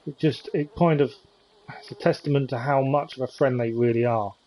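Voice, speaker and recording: A man's voice: medium pitch, a little fast, darkish tone, rough recording. A man chatting with viewers as he thinks aloud during a live-stream gameplay commentary.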